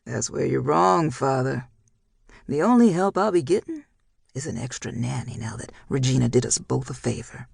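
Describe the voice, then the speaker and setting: A bitter, menacing middle-aged father sneers with cold contempt, as a narrator voices him. The voice is gravelly and husky, heard close and dry in a storybook reading. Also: mid-range voice, lively intonation, normal speed, no echo, heavily acted.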